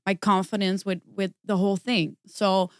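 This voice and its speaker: A woman guest vocalist chatting casually on a podcast, halting and self-deprecating, often restarting her sentences. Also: medium pitch, flat delivery, clear, resonant tone, no echo, studio quality.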